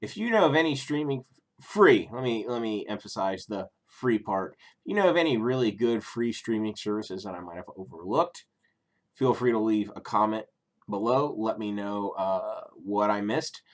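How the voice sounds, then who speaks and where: Middle-aged guy for a casual vlog review, low-pitched, loose and sweary, stumbling through restarts. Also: lively intonation, normal speed. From Cincinnati area, USA. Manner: rambling and profane, many ums and self-corrections. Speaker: YouTuber reviewing streaming services.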